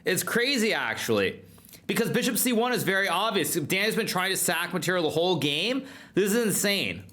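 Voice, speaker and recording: A man talks casually as a streamer reacting to a video, his bright voice jumping up and down in pitch. He repeats himself and restarts his sentences in an excitable, stumbling way. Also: normal speed. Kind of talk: casual chat.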